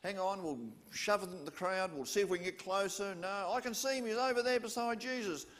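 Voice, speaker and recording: A preacher putting on frantic village men shouting through a crowd. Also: male voice, high-pitched, animated, moderate pace, pitched above the performer's own voice. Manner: urgent, shouting across a crowd.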